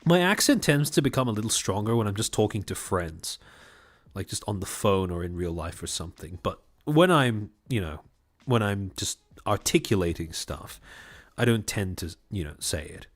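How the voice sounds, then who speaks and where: A man's voice: fairly low pitch, expressive, moderate pace. A young man with a light Australian-born Chinese accent, chatting casually on a live stream in a carefully articulated presenter voice, with frequent fillers. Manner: clearly articulated, precise presenter voice with many fillers.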